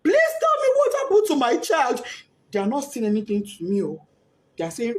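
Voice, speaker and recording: A grieving Nigerian mother with Yoruba as her first language, giving an impassioned, tearful statement and often shouting as she pleads. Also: high voice, wildly swooping pitch, a little slow, long pauses. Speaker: bereaved mother. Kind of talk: emotional personal statement.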